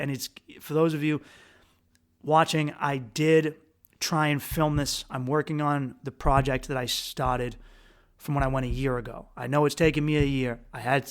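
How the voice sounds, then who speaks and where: A man from the United States hosting a podcast, telling a travel story in a rambling, crude, self-mocking way with quick restarts. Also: medium pitch, fairly bright tone. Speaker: podcast host. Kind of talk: casual storytelling monologue.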